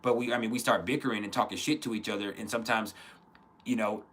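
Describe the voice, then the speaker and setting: A man's voice: lowish voice, fairly even intonation, fast talker, fairly bright tone. A man in his thirties hosting a casual spoken reflection, earnest and blunt, with frequent swearing and restarts. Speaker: podcast host.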